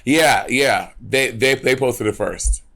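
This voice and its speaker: A man's voice: medium pitch, slow, a bit bright. A man co-hosting a podcast, bantering in a brash, profane way. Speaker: podcast co-host. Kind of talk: casual chat.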